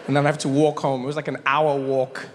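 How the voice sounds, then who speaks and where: A male comedian telling animated stories during a stand-up set. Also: medium pitch, quick pace, in a large hall, slight background noise. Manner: animated storyteller.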